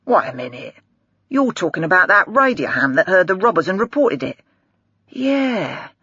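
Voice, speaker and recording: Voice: mid-range voice, very animated, normal speed, sharp tone, husky, no echo, lo-fi sound, full character voice. A narrator voicing a sceptical male police officer who talks in a curt, dismissive way.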